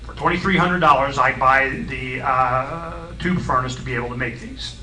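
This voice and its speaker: A middle-aged man on a radio talk show, explaining science in a blunt, folksy, excitable way and acting out voices in his stories. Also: medium pitch, normal speed, echoey room, distant mic, slight background noise, poor audio.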